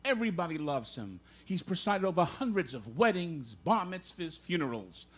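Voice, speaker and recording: A man's voice: on the high side, big pitch swings, normal speed, very noisy. A man doing live stand-up in a comedy club, telling old-school jokes and firing back at hecklers. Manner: old-school joke teller, banters with hecklers. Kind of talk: live stand-up with crowd work.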